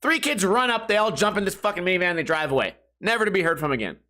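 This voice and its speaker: A man's voice: sits high, animated, fast talker, bright, forceful tone. A man hosting a podcast, telling a crude, rambling comedic story and laughing at his own jokes. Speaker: podcast host. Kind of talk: casual comedic monologue.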